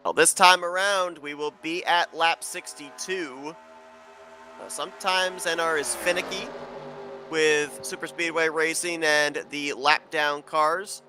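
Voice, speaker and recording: A man giving play-by-play commentary on an online sim race, steady and informative, building excitement as the racing gets close. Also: on the high side, a little slow, a little hiss or hum.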